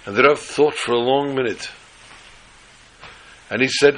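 Bright-voiced man telling a moral tale. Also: mid-range voice, a little slow, rough recording. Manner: animated, repetitive, emphatic storytelling. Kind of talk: storytelling sermon.

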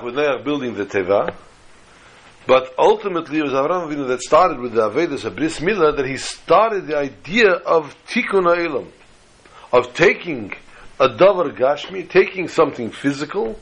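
Husky man teaching a Torah class. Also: a little high, lively intonation, a bit bright, poor audio. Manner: storytelling, acting out dialogue with slow emphatic phrases. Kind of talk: Torah class lecture with a told story.

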